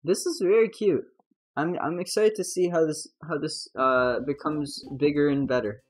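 A young adult woman streamer giving casual live game commentary, chatty and excitable and swearing freely. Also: deep voice, normal speed, soft background music, low-quality recording.

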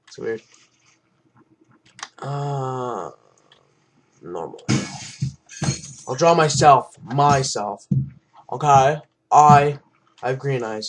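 A young man giving casual gameplay commentary as host of his own channel, rambling, swearing often and trailing off into mumbles. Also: mid-range voice.

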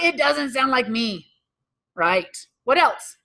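A woman's voice: high voice, animated, takes it slowly, vocal fry, pushed and bright. A woman sales trainer leading a live workshop, quizzing the room and repeating the audience's answers back to them. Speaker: real estate sales trainer.

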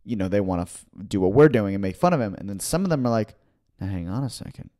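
A man's voice: on the low side, animated, rapid-fire, dark tone. Dry sarcastic man, podcast co-host. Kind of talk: casual comedic chat.

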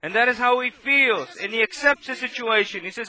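A man preaching a sermon, impassioned and swinging between loud outbursts and hushed asides. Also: extremely high pitch, a little fast.

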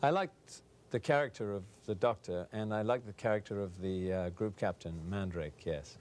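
A middle-aged English man being interviewed, hesitant and soft-spoken with a dry wit. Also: lowish voice, moderate pace, a little hiss or hum. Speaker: actor, interview guest. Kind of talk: casual TV interview.

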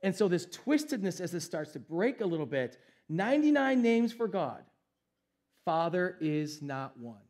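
A man's voice: high voice, very animated, moderate pace, a little mellow. A young adult man, a pastor preaching a sermon in an emphatic, conversational way.

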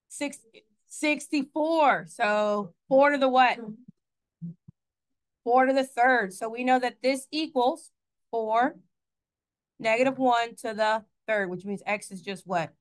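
High-voiced woman teaching math class. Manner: chatty, asks the class questions, corrects herself.

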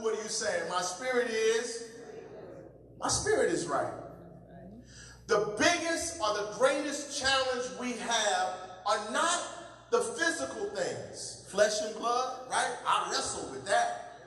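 A man preaching in a church, his voice pitched high and delivered slow and deliberate, calling on the congregation to answer back. He swings between raised calls and quiet asides, heard from a distance with a long echo through the hall. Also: big pitch swings. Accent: American. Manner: call-and-response preaching, swinging between shouts and low asides. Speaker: pastor. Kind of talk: sermon. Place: large church sanctuary. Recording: echoey hall from far off.

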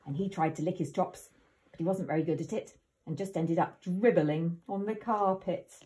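A woman teacher reading a storybook aloud to children, with expressive, dramatic pauses. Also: on the low side.

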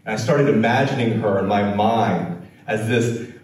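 An American-born man giving a storytelling talk as a keynote speaker, with slow, dramatic delivery and acted quotes. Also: lowish voice, darkish tone, very echoey, far from the mic, slight background noise, poor audio. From United States.

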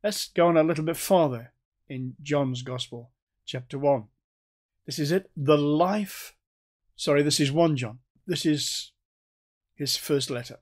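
An older male preacher delivers a Bible teaching, his voice sitting a little high for a man. He talks steadily and slows down to give weight to the words he wants to stress. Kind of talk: sermon.

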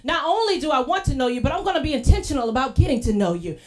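A woman preaching a sermon in a church, telling lively casual stories and acting out what people said. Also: high-pitched, rapid-fire. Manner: lively storytelling, acting out quoted voices; casual colloquial phrasing.

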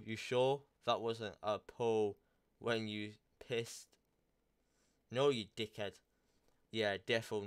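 A man's voice: fairly low pitch, clear, resonant tone. A young man telling a story in a crude, rambling way, reading out text messages with plenty of swearing. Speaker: YouTuber. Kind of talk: casual storytelling, reading out texts.

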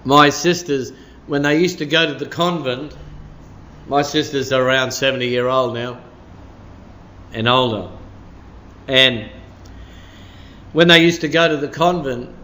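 Aussie pastor in his 60s preaching, slow and rambly, lots of "you know", bright voice. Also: medium pitch, a little hiss or hum. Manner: storytelling, with many fillers like "you know" and "sort of". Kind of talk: midweek sermon.

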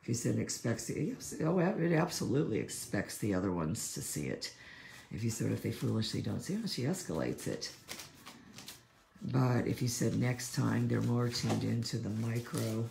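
A dog trainer chats casually on a livestream about training dogs, rambling from point to point in a very deep, heavily gravelly voice that swoops with animation. She speaks at normal speed and acts out quoted voices, recorded in an echoey room with clear background noise.

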